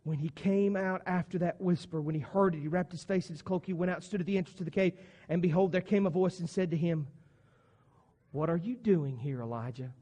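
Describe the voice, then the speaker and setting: A man preaching a sermon, moving between soft, low passages and loud, emphatic ones. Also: steady tone, fast talker. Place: church sanctuary. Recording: long church reverb.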